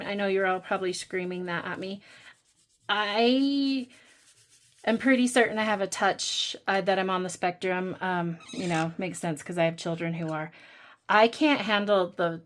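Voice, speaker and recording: A woman's voice: medium pitch, moderate pace. A woman hosting a budgeting channel, chatting casually and thinking aloud while she counts and scratches off savings challenges.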